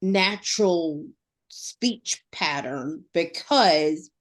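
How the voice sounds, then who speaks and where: A woman's voice: lowish voice, extremely slow. A woman co-hosting a podcast in casual chat, rambling with lots of fillers and restarts. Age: adult mother. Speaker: podcast co-host.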